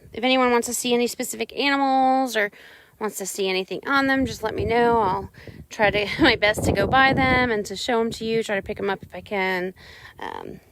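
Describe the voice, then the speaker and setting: A woman's voice: on the high side, a bit bright, slight background noise. A woman chatting casually on a live stream outdoors on her ranch, talking sweetly to her animals.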